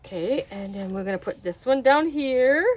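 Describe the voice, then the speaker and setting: A middle-aged woman with a somewhat high voice walks viewers through a craft project at home. She chats as she works and pokes fun at her own mistakes. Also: lively intonation, moderate pace. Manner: chatty, self-mocking, talks to viewers while working. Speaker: craft video host. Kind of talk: casual craft tutorial.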